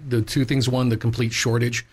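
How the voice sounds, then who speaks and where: A man's voice: mid-range voice, level tone, normal speed, husky. A man co-hosting a casual car podcast, telling rambling comic stories. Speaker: podcast co-host. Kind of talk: casual banter.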